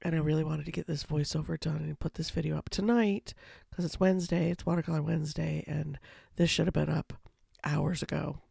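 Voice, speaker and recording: A woman with a slightly scratchy voice, speaking low and softly over a watercolor tutorial, rambling with lots of ums. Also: fairly even intonation, a little fast, creaky, few pauses, slightly rough, no echo, studio quality. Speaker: watercolor painting instructor. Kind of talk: casual voice-over for a painting tutorial. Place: home, with a baby asleep in another room.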